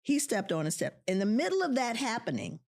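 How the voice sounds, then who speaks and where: A woman's voice: a little high, very animated, a little fast, darkish tone. A middle-aged woman, a professor of social work, tells a personal story with passion, acting out the voices of the people in it and repeating lines for emphasis. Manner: impassioned, acts out quoted voices, repeats for emphasis. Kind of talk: emotional storytelling.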